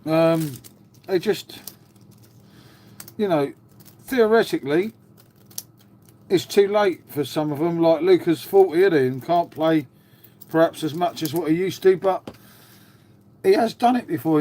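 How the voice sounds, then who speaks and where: A man's voice: on the high side, unhurried, pauses often, dark tone. A middle-aged man chatting casually on a livestream, answering viewers and calling them mate. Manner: chatty, matey, peppers talk with "mate" and "um". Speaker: livestream host. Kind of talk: casual live chat with viewers.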